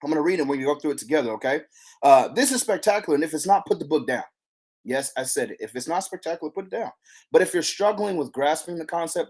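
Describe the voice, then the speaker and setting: An excitable devotional leader teaching a faith challenge to camera, breaking into bursts of praise and repeating lines for emphasis. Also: mid-range voice, husky. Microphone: handheld camera.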